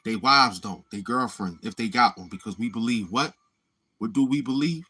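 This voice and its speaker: A man's voice: mid-range voice, moderate pace, bright, forceful tone, slightly rough. A man hosting a casual livestream, rambling along and murmuring mm-hmm between his thoughts. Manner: rambling, with many murmured mm-hmms. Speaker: livestream host.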